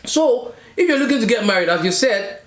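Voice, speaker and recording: A man in his thirties, a relationship and marriage coach, co-hosts a casual mukbang chat in a very high, animated, fairly quick voice. He talks in an earnest, preachy way and checks in with viewers, and the sound is reverberant.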